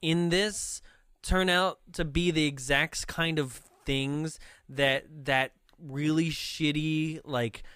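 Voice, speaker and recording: Chatty man with smooth dry voice. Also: fairly high pitch, fairly even intonation, slow, fairly bright tone, no echo. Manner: chatty, laughs often, mocks lines in put-on voices. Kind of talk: casual movie discussion.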